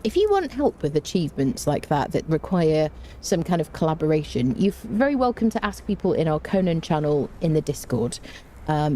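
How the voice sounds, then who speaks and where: A woman's voice: low voice, dark tone, slight background noise. A woman streaming a game, chatting casually with viewers, greeting them by name and cracking self-mocking dad jokes. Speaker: game streamer reading chat. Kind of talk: casual live-stream chat.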